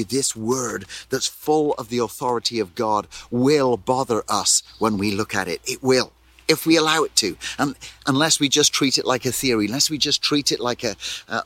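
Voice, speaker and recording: A man pastor preaching a sermon in an animated way, full of rhetorical questions and repeated words. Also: mid-range voice, no room sound.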